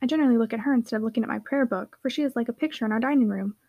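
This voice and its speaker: A woman voicing a quiet, earnest little girl who answers plainly in a storybook reading. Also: on the high side, rapid-fire, muffled recording.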